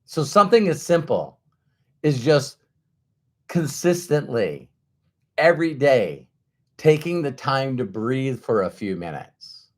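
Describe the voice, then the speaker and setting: Lively, animated male motivational speaker. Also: medium pitch, slow, pauses often. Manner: animated, acts out everyday inner voices. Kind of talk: motivational talk to an audience.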